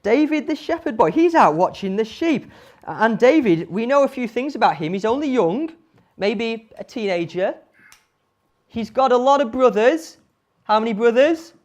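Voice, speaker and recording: A woman tells a Bible story to children with animated energy and frequent questions to her listeners. Her pitch moves widely and expressively. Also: moderate pace. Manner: animated, asks the audience questions.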